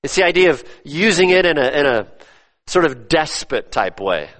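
A man preaching a sermon, emphatic, repeating his phrases and swinging between loud stresses and hushed drops. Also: fairly high pitch, sing-song, moderate pace. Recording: long reverb of a church hall.

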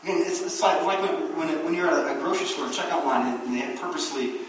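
Animated preacher in an echoey church. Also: male voice, a little high, a little fast, slight background noise. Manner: animated preaching, acts out quoted voices. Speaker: pastor. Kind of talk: sermon. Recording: very echoey room, distant mic.

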